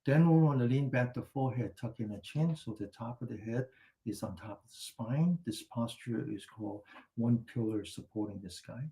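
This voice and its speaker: Man, meditation teacher, mellow warm tone, gentle slow instructions, chatty asides. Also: medium pitch. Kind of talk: guided exercise and anecdote in a class.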